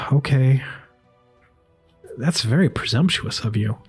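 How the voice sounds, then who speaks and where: Man doing a wary human father, exasperated, halting speech, breathy edge. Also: medium pitch, lively intonation, soft background music, heavily acted.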